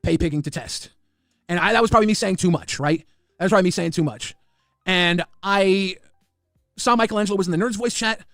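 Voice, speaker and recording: A man telling a story in a casual way, fast and full of repeated restarts. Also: sits high, a bit bright, no echo, clean studio sound. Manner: rapid, repetitive restarts. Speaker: guest recounting drama.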